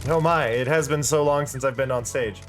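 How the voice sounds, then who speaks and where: A man's voice: mid-range voice, fairly quick, faint music behind, lightly acted. A man voicing a pompous female bird mascot who sees herself as a star singer, speaking in a haughty, theatrical way. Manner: haughty, theatrical, putting on airs.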